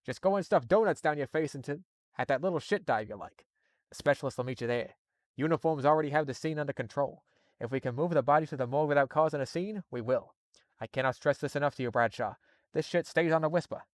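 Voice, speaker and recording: A man's voice: on the high side, fast talker, no echo, studio quality, natural voice. A man reading the lines of an angry, bossy middle-aged police captain who barks orders.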